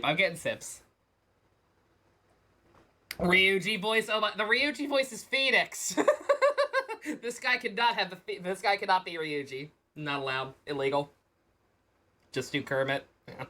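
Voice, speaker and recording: A woman's voice: on the low side, a little slow, pauses often, sharp tone. A woman streaming a video game, chatting casually, swearing, giggling and mocking her own character voices. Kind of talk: casual let's-play commentary.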